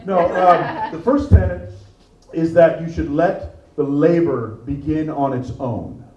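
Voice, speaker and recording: A middle-aged man performing a stand-up comedy set, animated and teasing the crowd, on a stage microphone. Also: a little high, takes it slowly, dull audio. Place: comedy venue with live audience. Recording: echoey room, mic far off.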